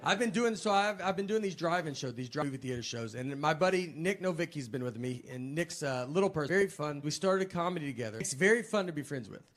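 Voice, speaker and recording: Deadpan stand-up comic in a reverberant hall. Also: male voice, a little high, fast talker, hardly any pauses. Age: 40s. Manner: deadpan, rambling, self-deprecating. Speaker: stand-up comedian. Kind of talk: stand-up storytelling. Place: theater stage with laughing audience. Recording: reverberant live hall with audience noise.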